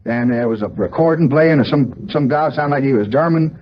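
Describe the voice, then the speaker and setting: Brief: a man as an agitated, folksy statesman, mid-pitched, slightly muffled recording. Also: fairly quick, lightly acted. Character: blustering older male politician.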